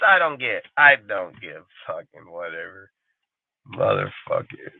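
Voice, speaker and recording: A man's voice: fairly high pitch, very animated, measured pace, no echo. A man hosting a live show, ranting angrily and swearing constantly, mocking other people's voices. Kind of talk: profane ranting live stream. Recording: tinny phone-like dry sound.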